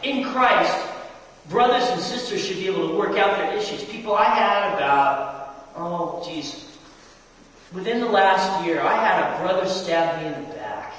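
A man's voice: high-pitched, lively intonation, a little slow, a bit bright. Man, pastor, conversational sermon, questions to the congregation, very echoey church hall. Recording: echoey hall, distant mic.

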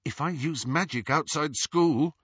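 A man's voice: measured pace, a bit bright, slightly rough, no echo. A man doing an earnest young witch girl. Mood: concerned. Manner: pleading, emotional, higher voice. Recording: slightly dull, dry recording.

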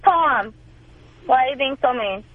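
A woman's voice: high voice, lively intonation, measured pace, slightly rough, no echo. A woman calling in to a radio show from Queens, defensive and indignant. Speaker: caller. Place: Queens, New York. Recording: phone line.

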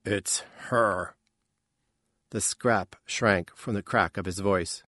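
A male narrator reads fiction in a measured, even way. His voice is on the low side and unhurried, and it is recorded dry, with no room sound. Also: dry recording. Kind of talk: scripted narration.

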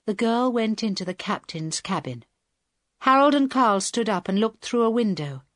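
A woman reading a story aloud as an audiobook narrator, in a deliberate, even storytelling manner. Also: a little high, dry recording, studio quality. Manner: slow, deliberate reading with quiet voiced dialogue. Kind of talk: scripted narration.

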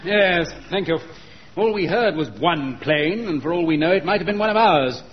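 Man doing a huffy bank inspector, high, bouncy voice, muffled old radio sound. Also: lively intonation, normal speed, a little hiss or hum, close to an everyday voice. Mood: indignant. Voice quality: indignant, fussy. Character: indignant male head-office bank inspector, fussy. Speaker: inspector from head office. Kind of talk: 1970s radio comedy acting.

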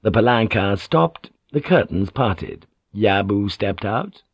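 Man, audiobook narration, steady reading, lowish pitch, dry. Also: takes it slowly, slightly rough, dry recording, lo-fi sound. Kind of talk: scripted narration.

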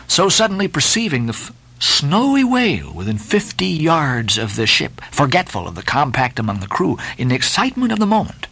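A man's voice: medium pitch, slightly rough, no echo, rough recording. A man giving a dramatic, theatrical reading of a classic novel as an audiobook narrator. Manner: expressive, theatrical storytelling.

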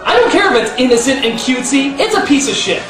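A man giving a sarcastic, profane comedic film review with shouted outbursts. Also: extremely high pitch, big pitch swings, fast, roomy sound, music in the background.

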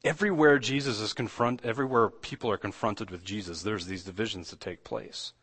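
A man's voice: lowish voice, a little fast, a bit bright, breathy edge. A man, a pastor, preaching a sermon in a conversational way, with frequent restarts and emphatic rises when he quotes scripture.

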